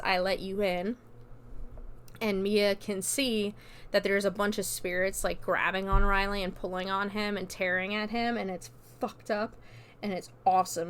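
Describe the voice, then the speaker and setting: A woman hosts her own podcast and talks through a horror film's plot in a relaxed, chatty way. Her voice is smooth and clear, and sits at a middle pitch. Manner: chatty, loose with fillers and quoted dialogue. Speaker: podcast host. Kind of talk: casual movie recap.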